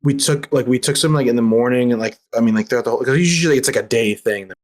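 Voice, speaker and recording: A man's voice: mid-range voice, fast talker. A young man telling a story as a guest on a casual podcast, rambling with lots of filler words and slang.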